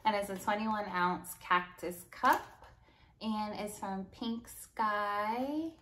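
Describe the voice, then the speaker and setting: A woman chatting through an unboxing, unhurried and drawn out, with a gushing, excitable way of repeating how cute everything is. Clear background noise runs under her voice. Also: medium pitch. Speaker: unboxing vlogger. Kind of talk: casual unboxing chat.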